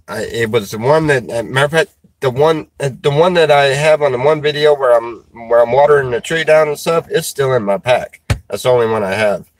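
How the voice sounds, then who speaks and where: A man chatting casually on a livestream, reading chat comments aloud, halting with many fillers and restarts and chuckling as he goes. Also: mid-range voice.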